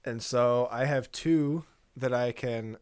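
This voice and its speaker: A man's voice: mid-range voice, slow pace, a little mellow, clear, resonant tone. A man co-hosting a podcast, talking casually about songs, often hesitating and trailing off. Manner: hesitant, trailing off, frequent "I don't know". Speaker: podcast co-host. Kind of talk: casual chat about albums.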